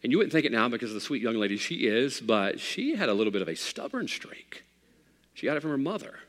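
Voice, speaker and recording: Preacher, male, bright tense voice, hushed to fervent delivery, church hall reverb. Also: mid-range voice, very animated, fast. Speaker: pastor. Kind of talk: sermon.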